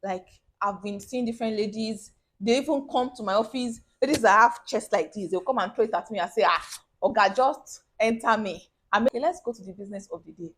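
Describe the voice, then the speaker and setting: A young woman, telling a personal story to camera in a casual, animated way and acting out the people she quotes. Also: fairly high pitch, a little fast. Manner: animated, acts out quoted voices, bursts of laughter.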